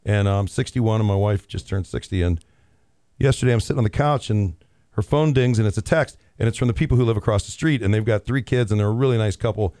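A man in his sixties hosting a morning radio show, telling stories in an animated way and laughing at himself. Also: on the low side, quick pace, dry recording, clean studio sound. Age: 60s. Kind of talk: casual radio chat. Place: radio studio.

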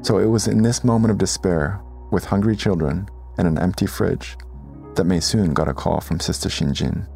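A man narrates a documentary story in a calm, measured scripted read. His voice sits very low with a gravelly edge, and faint music plays underneath.

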